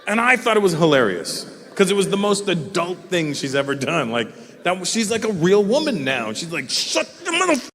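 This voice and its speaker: On stage at a large live venue, a middle-aged stand-up from Canada tells stories and swears freely while talking with the audience. His voice sits high and sing-song at normal speed, recorded with hall reverb and faint ambience.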